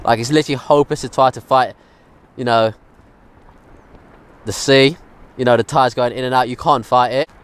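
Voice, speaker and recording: A man's voice: mid-range voice, fairly even intonation, normal speed, long pauses, clean tone. A man filming himself alone in a small dinghy at sea, talking loosely with many fillers, weak and seasick. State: cold and tired, speaking low. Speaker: survival vlogger. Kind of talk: self-filmed survival vlog. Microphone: self-held camera.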